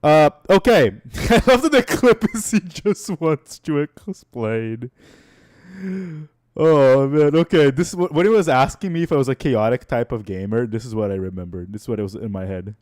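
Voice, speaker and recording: A man's voice: medium pitch, animated, normal speed, darkish tone. A man streaming casually, reacting to old clips of himself, exasperated and swearing. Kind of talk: casual livestream chat.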